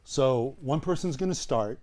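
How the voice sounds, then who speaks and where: An improv performer explaining the rules of an accent warm-up game on stage. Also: medium pitch, expressive, measured pace.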